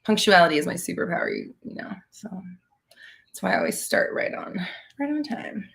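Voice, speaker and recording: A woman's voice: medium pitch, huge pitch swings, fairly quick, vocal fry, fairly bright tone, whispered. A woman coaching on a live stream, chatty and blunt, swearing freely and laughing between comments. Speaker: manifestation coach hosting a live Q&A. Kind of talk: casual live-stream chat.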